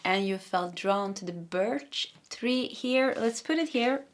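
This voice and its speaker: Woman, Swedish accent, young adult, tarot reader, fast and energetic, repeats herself, mid pitch. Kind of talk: pick-a-card tarot reading.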